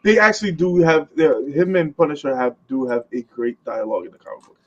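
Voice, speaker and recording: A man's voice: on the high side, a little fast. A man co-hosting a casual podcast, swearing freely, laughing often and quoting characters. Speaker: podcast co-host. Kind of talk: casual chat. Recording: slightly dull lo-fi sound.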